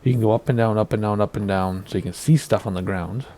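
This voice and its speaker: A man's voice: fairly low pitch, fast, dark tone. A man in his thirties hosting a flight simulator video in casual, rambling commentary. He hesitates and wavers over how to pronounce place names. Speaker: flight sim video host.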